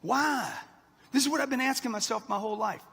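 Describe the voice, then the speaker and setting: A man's voice: very high-pitched, brisk, gravelly, pushed and bright, slightly rough. A man in his sixties gives a brash, punchy motivational speech, talking straight to a live crowd in a large event hall. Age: 60s. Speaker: motivational speaker. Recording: long hall reverb.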